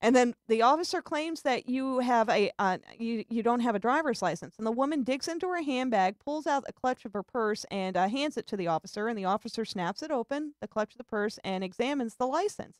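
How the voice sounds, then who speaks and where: A woman's voice: a little high, expressive, fairly quick, few pauses, dry recording, clean studio sound. A woman hosting a casual live-streamed talk show, chatting and telling jokes with a giggly, easygoing manner and frequent restarts. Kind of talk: casual chat.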